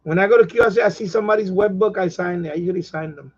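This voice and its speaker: Man, New York accent, casual repetitive chat, husky, muffled lo-fi sound. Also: high-pitched, very fast, a little mellow. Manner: repetitive, conversational, chuckles often. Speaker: radio hobby live streamer.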